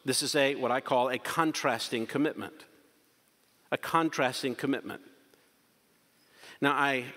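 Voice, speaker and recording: Pastor, male, forceful bright delivery with passionate swings, church-hall reverb. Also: fairly high pitch. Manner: impassioned, swings from loud urgent questions to quiet emphasis. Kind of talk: sermon.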